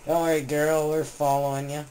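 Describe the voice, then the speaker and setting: A man voicing Link, a sarcastic, easily scared young hero, in a fan voice-over parody with deadpan asides. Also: on the high side, fairly quick, a little hiss or hum, lightly acted, low-quality recording.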